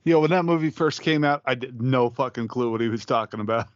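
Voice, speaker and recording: Chill guy on a comedy podcast, mid-pitched, cusses a lot, dry muffled-ish audio. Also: quick pace, clean tone, dry recording. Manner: laid-back, profane banter. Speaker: podcast co-host. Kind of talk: casual comedic chat.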